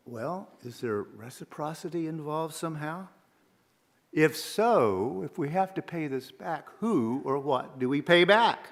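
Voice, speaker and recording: Slow, measured man preaching in a hall. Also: a little high, fairly bright tone. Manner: measured, reflective, asks rhetorical questions. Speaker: minister. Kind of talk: sermon. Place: church sanctuary. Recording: long reverb of a large hall.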